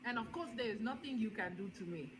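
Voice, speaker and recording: A woman's voice: a little high, expressive, fast, background noise, natural voice. A woman doing a firm Nigerian-accented voice as a fierce, devout woman. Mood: defiant.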